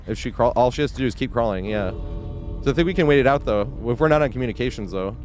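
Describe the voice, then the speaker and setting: A man streaming a game live, ranting in exasperation with frequent swearing and yelling at the screen in bursts. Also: medium pitch, expressive, fast, faint music behind. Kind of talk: live gameplay commentary.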